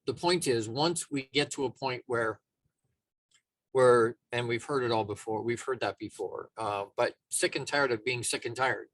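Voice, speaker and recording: A man's voice: medium pitch, moderate pace, a bit bright, no room sound. Plainspoken male life coach, dry sound. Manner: casual, repetitive, emphatic with many restarts. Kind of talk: motivational talk.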